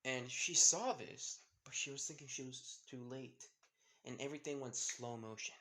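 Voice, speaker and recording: Man, storyteller, improvised fan fiction, rambling, restarts, middle pitch. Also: normal speed, sharp tone. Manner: rambling, many fillers and restarts.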